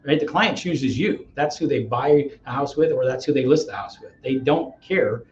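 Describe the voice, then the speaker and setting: A middle-aged man, a real estate agent, telling an energetic, persuasive story as a guest in an interview. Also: mid-range voice, normal speed, reverberant, highs cut off, slight background noise. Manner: energetic, acts out dialogues, persuasive.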